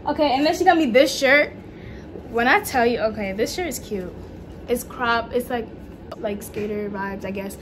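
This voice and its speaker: A young woman talks through a casual home vlog in a high voice, excitable and gushing, full of slang. A faint hum of noise sits behind her. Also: normal speed. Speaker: vlogger. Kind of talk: casual haul vlog chat. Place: home room at night.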